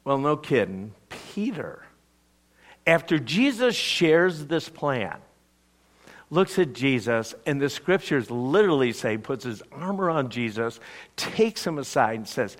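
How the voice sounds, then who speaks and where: A man preaching a sermon, telling the story and acting out the quotes with lively energy. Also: mid-range voice, measured pace. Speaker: pastor.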